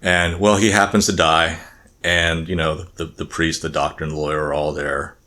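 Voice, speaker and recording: A man's voice: extremely low pitch, level tone, normal speed, pushed and bright. A male podcast co-host telling jokes in a casual chat, rambling and restarting as he goes. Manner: rambling, restarts, puts on voices.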